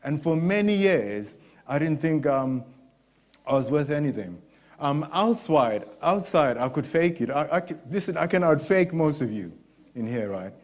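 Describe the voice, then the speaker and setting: A middle-aged man from Zimbabwe gives a sermon built on his own story. He speaks frankly, with many restarts, and slips into other people's voices as he tells it. His voice sits a little high for a man. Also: sing-song, measured pace, darkish tone. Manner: candid personal testimony, frequent restarts, acts out voices of others. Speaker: preacher.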